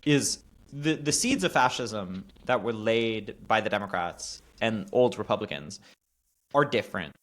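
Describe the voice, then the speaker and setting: Man host, casual political rant, sarcastic and foul-mouthed, animated pitch. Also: measured pace. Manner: sarcastic, ranting, profane. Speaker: podcast host.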